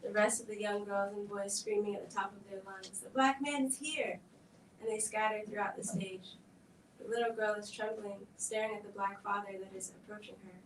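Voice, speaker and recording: A woman's voice: medium pitch, level tone, a little hiss or hum. Woman reading a script in an echoey hall. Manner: measured, level narration. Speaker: reader at a film event. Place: event hall. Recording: echoey room, distant mic.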